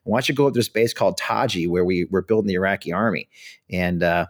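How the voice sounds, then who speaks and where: A middle-aged American man telling blunt, profane stories as a podcast guest. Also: deep voice. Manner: fast, blunt anecdotes with swearing and laughter. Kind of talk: storytelling in a podcast interview.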